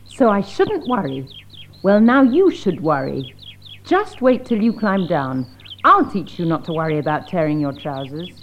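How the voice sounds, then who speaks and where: Stern scolding mother, lively pitch swings, dull lo-fi sound. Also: measured pace, few pauses, slight background noise. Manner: stern, sarcastic. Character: scolding mother of a young boy.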